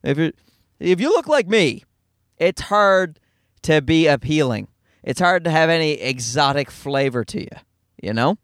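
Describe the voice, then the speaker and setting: A middle-aged man with a Newfoundland accent, a stand-up comedian talking fast and profanely in a rambling, self-deprecating monologue from his car. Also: fairly high pitch, animated, dry recording, studio quality. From Newfoundland, Canada. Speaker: stand-up comedian, podcast host.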